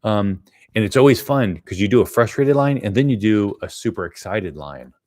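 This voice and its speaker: Deep-voiced middle-aged guy rambling thru a live art lesson, lots of ums. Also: lively intonation, moderate pace, darkish tone. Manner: thinking aloud, rambling with many fillers. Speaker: art teacher.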